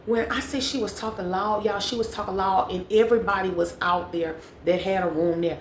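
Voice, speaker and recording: A woman's voice: medium pitch, steady tone, a little fast, few pauses. Woman, storytime vlog, chatty, roomy echo, faint hiss behind. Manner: chatty, talks straight to viewers, repeats phrases for emphasis. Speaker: vlogger. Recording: echoey room with faint background noise.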